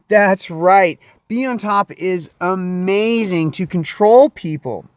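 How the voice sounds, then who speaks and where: A man's voice: sits high, smooth, no echo, clean studio sound. A man hosting his own show in a casual, playful monologue, stretching words out for dramatic effect. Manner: playful and theatrical, with drawn-out emphasis. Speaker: show host.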